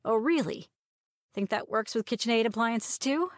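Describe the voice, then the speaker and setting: A woman's voice: fairly high pitch, expressive, dry recording, clean studio sound, voice pushed up, close to an everyday voice. A teasing, witty young woman, voiced by a woman reader. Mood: playful. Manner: teasing, quick-witted.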